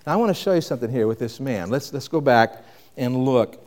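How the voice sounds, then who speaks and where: A man preaching a sermon with dynamic delivery, rising to loud emphasis and dropping to quiet reflection. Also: medium pitch, animated, a little fast, in a large hall. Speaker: pastor.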